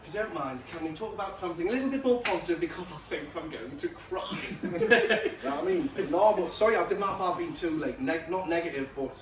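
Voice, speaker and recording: High-voiced swearing man in an echoey room. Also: lively intonation, fast, hardly any pauses, noisy background. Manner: rambling, swears a lot, laughs often. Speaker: podcast guest, comedian and impressionist. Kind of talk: casual podcast chat. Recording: echoey room, distant mic, loud chatter behind.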